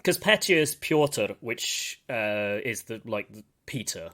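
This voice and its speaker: With a lowish, bright, forceful voice and lively intonation, this podcast host talks slowly through a film in a casual, digressive, thoughtful way. He refers to himself as a pedant.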